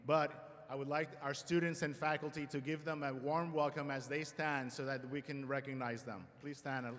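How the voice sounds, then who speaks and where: A man giving a formal convocation address at a school ceremony, measured with light self-deprecating humor, speaking at a podium microphone. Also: mid-range voice, steady tone, a bit bright, slight background noise. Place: large auditorium. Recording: long hall reverb in a large auditorium.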